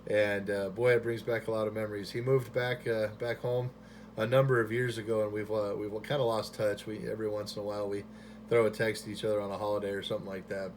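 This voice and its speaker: A man chatting on ham radio from his home station into a boom mic, relaxed and friendly with lots of fillers. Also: slight background noise. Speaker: amateur radio operator. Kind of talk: ham radio contact chat.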